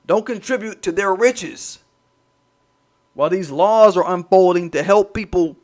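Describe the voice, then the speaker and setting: A man's voice: sits high, unhurried, a little mellow. A man hosting a livestream, ranting in a profane, rambling way and talking to his chat. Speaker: livestream host. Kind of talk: casual livestream rant.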